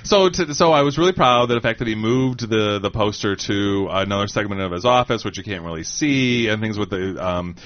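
A man's voice: lowish voice, fairly quick, hardly any pauses. A man co-hosting a casual chat, telling a story in a rambling way with many fillers and laughs. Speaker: co-host. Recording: slightly muffled lo-fi audio.

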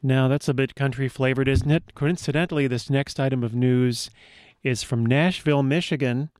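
A man's voice: medium pitch, steady tone, normal speed, darkish tone. A man hosting a radio show, chatting casually with wry asides between news items and songs.

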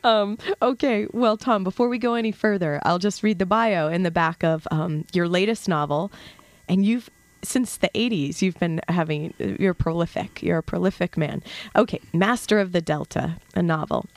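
A woman hosting a radio interview in a studio, speaking haltingly with many fillers. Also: fairly low pitch, no echo. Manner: halting, with many fillers and restarts, laughs easily. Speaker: radio show host. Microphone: studio mic.

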